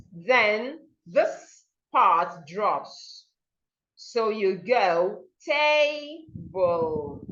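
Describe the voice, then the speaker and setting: A woman's voice: medium pitch, a bit bright, highs cut off. A woman teaching a pronunciation seminar, saying example words over and over to model the stress. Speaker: diction teacher.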